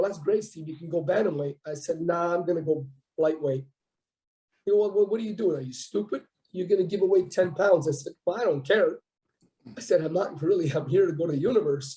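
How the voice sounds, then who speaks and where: Canadian man in his fifties, podcast guest, animated storyteller, higher-pitched, mellow tone. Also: poor audio. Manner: animated storyteller acting out quoted dialogue. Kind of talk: casual storytelling interview.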